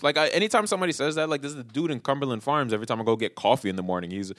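A man from New York hosting a podcast, telling animated, profane stories in casual banter. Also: medium pitch, rapid-fire, no echo, studio quality. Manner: animated, profane storytelling with shifting energy. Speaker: podcast host.

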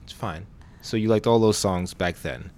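Man, a little low-pitched, casual podcast interviewer, relaxed teasing tone, lots of short backchannels. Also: moderate pace. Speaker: podcast host.

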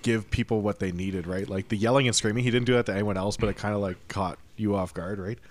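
A man co-hosting a podcast, reminiscing in relaxed casual chat with many fillers. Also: lowish voice, fast talker. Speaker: podcast co-host.

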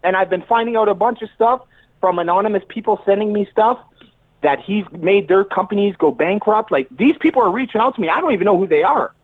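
A man telling a story as a boxer guest in a casual interview, animated and swearing freely. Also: high voice, fast talker, no echo. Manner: animated, swears, acts out quotes. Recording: tinny phone-like line, dry.

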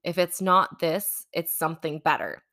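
A woman's voice: low voice, normal speed, bright, forceful tone. A woman hosting her own podcast, telling a personal story in a rambling, chatty way full of fillers. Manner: rambling, chatty, many "like" and "you know" fillers. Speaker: podcast host and manifesting coach.

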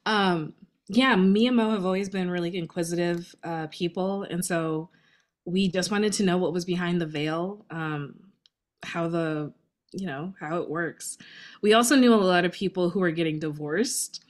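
A woman co-hosting a podcast, talking in a chatty, animated way and laughing often. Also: fairly low pitch, normal speed. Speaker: podcast co-host. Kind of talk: casual conversation.

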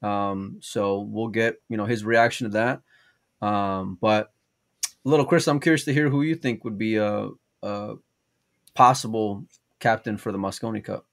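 Male host, casual chat, creaky gravel in the voice, easygoing. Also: fairly low pitch, a little slow. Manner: relaxed, filler-heavy, teasing. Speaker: podcast host.

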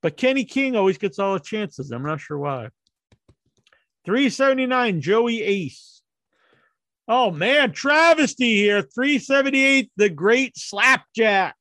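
A man's voice: high-pitched, expressive, takes it slowly, pushed and bright, no room sound, studio quality. A man hosting his own show, counting down a ranking with jokey, rambling, crude asides. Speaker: host counting down a wrestler ranking. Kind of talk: casual solo commentary.

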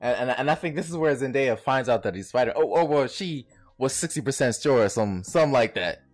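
A man's voice: medium pitch, expressive, fairly quick. A man in casual chat about a movie, laid-back and slangy, mostly agreeing with his friend.

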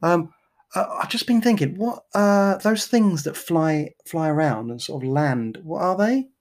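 A woman co-hosting a relaxed podcast, her voice sitting a little low for a woman. She rambles from one tangent to the next and keeps making fun of herself. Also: a little slow. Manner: rambling, jokey, self-mocking banter. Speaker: podcast host. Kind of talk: casual chat.

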